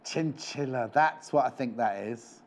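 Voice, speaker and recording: A man's voice: mid-range voice, a little slow. A man presenting live on a shopping channel, chatting and joking in rambling asides. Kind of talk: live TV sales chat. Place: TV studio.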